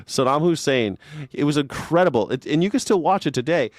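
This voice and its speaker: This host's voice sits on the high side, animated and fairly quick, in clean studio sound without echo. Reacting to news live, he mocks crudely and sarcastically, often slipping into exaggerated impressions.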